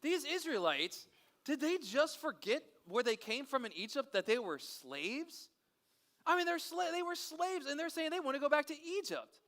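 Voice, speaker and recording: A man leading a children's Bible story, energetic, playful and chatty with the kids. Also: extremely high pitch, normal speed. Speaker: children's pastor.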